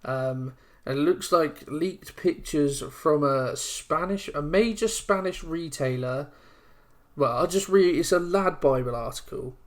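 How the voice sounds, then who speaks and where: A young man chats casually with his mates on a gaming podcast. His talk rambles along with fillers and restarts, and he reads aloud haltingly. His pitch sits in an ordinary middle range. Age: 20s. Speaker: podcast co-host. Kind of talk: casual chat.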